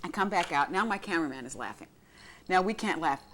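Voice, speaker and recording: A middle-aged woman, a television reporter, telling lively anecdotes as a guest on a live broadcast and laughing through her words. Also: lowish voice, fast. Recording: faint clicks and noise, 1990s broadcast tape.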